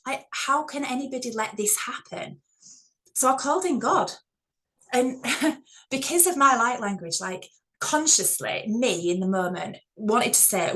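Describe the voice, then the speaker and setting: A woman telling a personal spiritual story in a casual, candid way, swearing freely and growing animated. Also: fairly high pitch, unhurried, rough recording. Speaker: spiritual vlogger.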